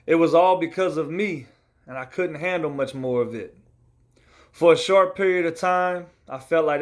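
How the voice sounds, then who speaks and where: A man's voice: on the high side, normal speed. Earnest man reciting a rhymed life story. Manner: earnest, heartfelt, confessional. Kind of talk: rhymed spoken-word poem.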